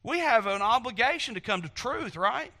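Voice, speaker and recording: A man's voice: very high-pitched, animated, normal speed, bright, forceful tone. A man preaching a sermon, impassioned and repetitive, acting out quotes from the people he talks about.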